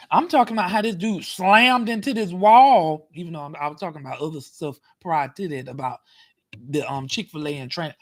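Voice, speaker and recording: A man telling a story in a casual vlog, animated and dramatic, acting out the scene. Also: high voice. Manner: animated, dramatic, acts out scenes with cries and shouts. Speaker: vlogger. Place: parked car.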